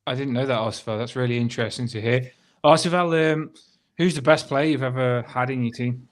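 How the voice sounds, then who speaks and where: A man's voice: mid-range voice, brisk. A man hosting a casual fan podcast, laughing and teasing his co-host.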